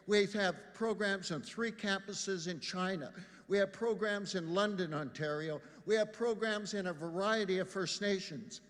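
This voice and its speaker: A man accepting an award on behalf of a college, speaking in a measured, earnest acceptance speech at a podium in a large hall. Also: high voice, fairly bright tone. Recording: long reverb of a large hall.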